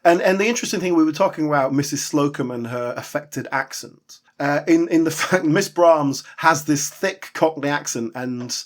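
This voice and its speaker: A man's voice: a little high, moderate pace, hardly any pauses. A man co-hosting a podcast, chatting wryly about old sitcoms and laughing often. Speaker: podcast co-host. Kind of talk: casual chat about sitcom history.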